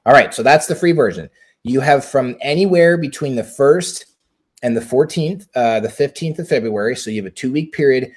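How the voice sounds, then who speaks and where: A man's voice: mid-range voice, normal speed. A man hosting a casual live stream on a close mic. He talks chattily, keeps checking in with the viewers and sounds upbeat. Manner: upbeat, asks viewers for a hallelujah. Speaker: livestream host. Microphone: close personal mic.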